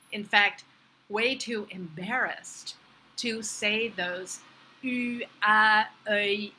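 American woman teaching pronunciation; bright, clear, unhurried delivery with modeled words. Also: medium pitch, slight background noise, rough recording. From United States. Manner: slow, clear, demonstrates pronunciations. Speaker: English pronunciation coach. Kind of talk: presentation talk at a virtual fair.

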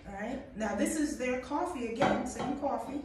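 A woman's voice: sits high, moderate pace. Chatty woman chef in an echoey kitchen. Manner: chatty, encouraging, talks to the viewer. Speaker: chef and host. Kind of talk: cooking demonstration. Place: kitchen at a coffee company. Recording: echoey room, mic far off, background noise.

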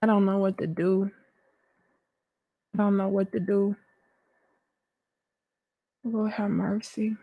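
A woman's voice: vocal fry, husky, no echo, dull audio. Theatrical, despairing woman livestream host. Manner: dramatic, theatrical despair, swings from shouting to low mutters. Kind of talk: live-stream commentary reacting to chat.

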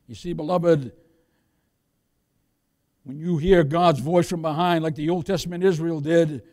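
High-voiced preacher in a reverberant hall. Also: male voice, steady tone, a little slow. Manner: swings from loud exhortation to near-whispers, many "beloved" and "Amen?". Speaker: pastor. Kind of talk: sermon. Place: church sanctuary.

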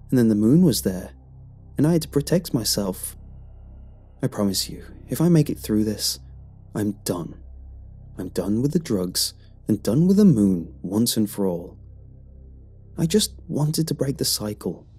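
A man reading a horror story aloud in a slow, brooding delivery with sudden rises. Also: fairly low pitch, mellow, breathy edge. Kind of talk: scripted horror narration.

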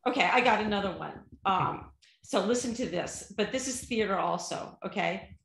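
A woman from Vermont co-hosting a podcast, talking loudly and with animation. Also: medium pitch, moderate pace, gravelly. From Vermont, USA. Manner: loud, projecting, animated. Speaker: podcast co-host. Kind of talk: casual chat. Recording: roomy echo.

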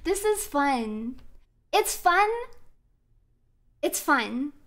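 A woman with a high, bright-pitched voice, chatting casually to her viewers as she plays. She is giggly and playful and laughs often between her thoughts. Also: very animated, extremely slow, noisy background. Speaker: streamer. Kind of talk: casual chat while gaming.

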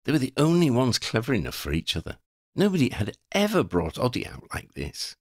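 A man narrating a fantasy story in an expressive, playful storybook reading. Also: mid-range voice, a little fast, dry recording. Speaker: audiobook narrator.

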